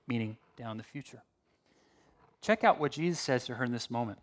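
A male pastor preaching a sermon in a conversational, animated way, with asides and restarts. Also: mid-range voice, brisk, long pauses.

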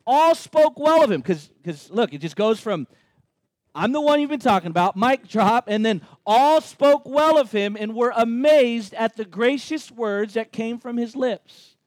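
A man's voice: very high-pitched, unhurried, hardly any pauses, no room sound. A man preaching a sermon, joking and acting out the crowd's reactions. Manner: animated, joking asides, acts out crowd reactions. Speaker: pastor.

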